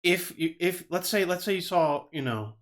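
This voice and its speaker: A man co-hosting a casual comedy podcast, animated and swearing, often laughing and tripping over his words. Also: sits high, moderate pace. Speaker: podcast co-host.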